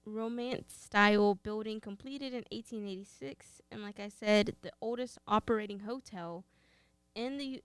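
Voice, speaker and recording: A woman's voice: medium pitch, moderate pace, clear, resonant tone, no room sound. A woman with a Texan accent co-hosting a podcast, reading history notes and bantering playfully. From Texas. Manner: playful, reads facts then banters. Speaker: podcast co-host. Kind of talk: casual chat.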